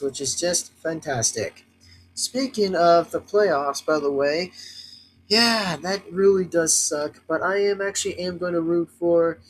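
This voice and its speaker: A man's voice: fairly high pitch, a little hiss or hum, low-quality recording. A man vlogging a casual sports rant, rambling and repetitive with lots of filler words and sarcastic, exasperated complaints.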